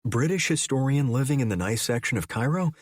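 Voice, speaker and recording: A man's voice: mid-range voice, animated, a little fast, no room sound, studio quality, natural voice. A man voicing a confident archaeologist who talks in a firm, urgent, matter-of-fact way. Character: confident male archaeologist, blunt and insistent.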